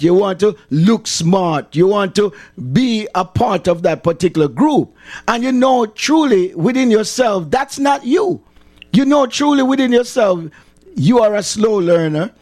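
A man with a Jamaican accent and a fairly high voice, speaking in a casual livestream monologue. He is a middle-aged chaplain who repeats key phrases for emphasis and drifts into patois as he talks. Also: darkish tone. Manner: repetitive, emphatic, slips into patois.

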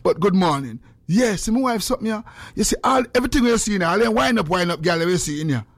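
A man's voice: high-pitched, lively intonation, quick pace, no echo. A man with a Jamaican accent hosting a casual livestream, greeting viewers by name and teasing them playfully. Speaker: livestream host.

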